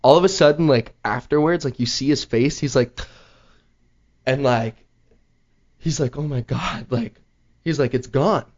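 A man hosting a show, telling a story in casual chat, rambling with lots of "like" and an animated manner. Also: medium pitch, measured pace, pauses often. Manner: rambling, heavy use of "like", animated retelling. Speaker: podcast host. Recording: slightly dull lo-fi audio.

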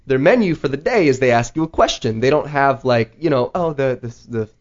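A man hosting a show, telling a story in casual chat, rambling with lots of "like" and an animated manner. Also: mid-range voice, fairly quick. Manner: rambling, heavy use of "like", animated retelling. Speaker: podcast host. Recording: slightly dull lo-fi audio.

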